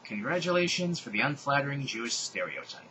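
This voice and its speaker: A man's voice: mid-range voice, sing-song, a little fast, bright, forceful tone, muffled recording, a little hiss or hum. A man hosting a comedic reading of fan fiction, with sardonic, exasperated asides.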